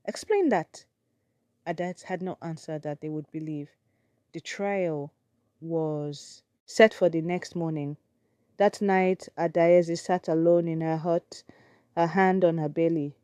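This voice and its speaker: A woman's voice: low voice, fairly even intonation, unhurried, mellow, clear, resonant tone, no room sound. A woman storyteller narrating a dramatic folktale with suspense.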